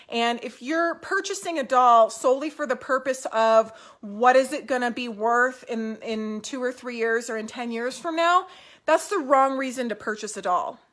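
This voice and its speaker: A woman's voice: on the high side, fairly bright tone. A woman talking casually to camera at home about doll collecting, upbeat and encouraging, with fillers and restarts.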